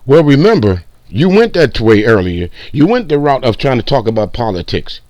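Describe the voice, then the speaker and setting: A man's voice: medium pitch, big pitch swings, normal speed, darkish tone, dry recording, lo-fi sound. A man hosting a stream, giving reaction commentary in a profane, mocking rant.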